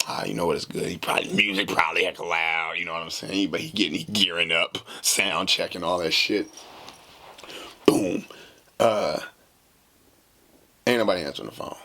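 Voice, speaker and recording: A man hosting a podcast, telling a casual story in a slangy, animated way and acting out the dialogue. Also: low-pitched, moderate pace, pauses often. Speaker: podcast host.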